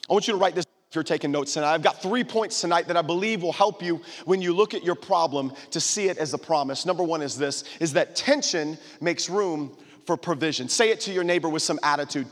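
A man's voice: high-pitched, a little fast, fairly bright tone, long reverb tail. A man preaching a sermon to a live congregation, emphatic and repetitive, calling on the audience to answer back. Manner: emphatic, repeats call-and-response phrases to the crowd.

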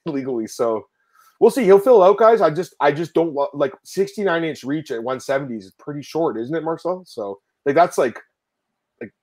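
A man hosting a casual fight-sport podcast, rambling and animated, telling stories with laughs and swearing, often calling out to the viewers. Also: medium pitch. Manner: addresses viewers as guys. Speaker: podcast host. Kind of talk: casual MMA podcast chat.

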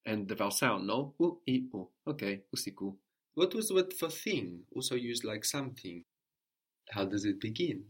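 A man teaching a language lesson, repeating each answer back slowly and checking understanding with a questioning "no?". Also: fairly low pitch, very animated, breathy edge.

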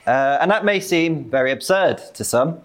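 A man's voice: fairly high pitch, animated, normal speed. Man giving a political talk. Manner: conversational, many fillers, light laughs.

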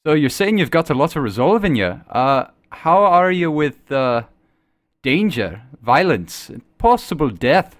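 A man voicing a loud, eager male druid adventurer raised in the forest, speaking up over a noisy tavern. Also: a little high, sing-song, moderate pace, no echo, studio quality, pitched above the performer's own voice. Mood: boisterous.

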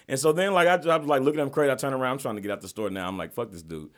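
A man hosting a podcast, telling an animated story in casual chat with slang and profanity. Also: on the high side, rapid-fire, hardly any pauses. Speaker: podcast host.

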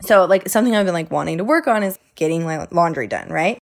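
A woman talks through her own podcast in a relaxed, chatty monologue. Her voice sits a little low, and she speaks earnestly, peppering her sentences with "like" and "right?". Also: quick pace, creaky. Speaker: podcast host. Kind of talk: casual solo podcast monologue.

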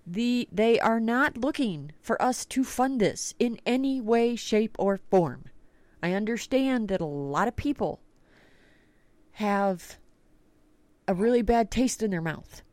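A woman's voice: on the high side, expressive, slow pace, a little mellow, dry recording. A woman hosting a talk radio podcast, telling stories in a casual, blunt way and swearing freely. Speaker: podcast host.

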